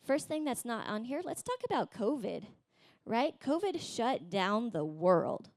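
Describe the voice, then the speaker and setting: A woman pastor in her thirties giving a sermon in a chatty, conversational way, often checking in with "right?". Her voice sits a little high, and the close mic sounds dry and plain, with no room behind it. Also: very animated, unhurried, darkish tone, dry recording. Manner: conversational, tags points with "right?"; acts out voices in quotes, rising high.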